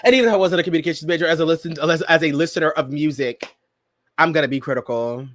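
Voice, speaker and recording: A man's voice: fairly high pitch, racing, a bit bright, no room sound. A young man hosting a casual pop-culture commentary show, talking dramatically and laughing often. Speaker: podcast host.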